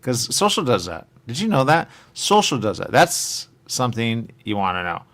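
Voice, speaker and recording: A man's voice: mid-range voice, sing-song, normal speed, a bit bright. A man hosting a radio show, rambling in casual chat, trailing off and coming back to the same stock phrases. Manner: rambling, trails off, repeats "there you go".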